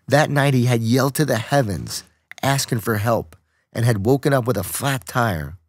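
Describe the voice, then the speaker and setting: Steady male audiobook narrator. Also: medium pitch, moderate pace, no room sound, clean studio sound.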